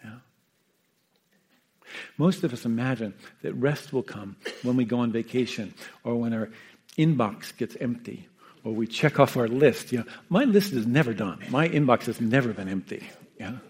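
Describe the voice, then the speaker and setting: A man, a meditation teacher who sat with the dying, gives an unhurried, reflective talk, often checking in with his listeners. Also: mid-range voice, animated, breathy edge. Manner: gentle, unhurried, often asks "Yeah?" and "you know". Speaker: meditation teacher and hospice caregiver.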